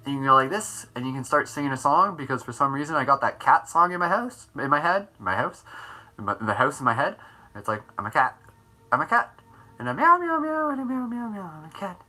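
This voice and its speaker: A man's voice: mid-range voice, bright, forceful tone. A man hosting a live morning meditation stream, guiding face exercises in a playful, upbeat way and laughing often. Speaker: host.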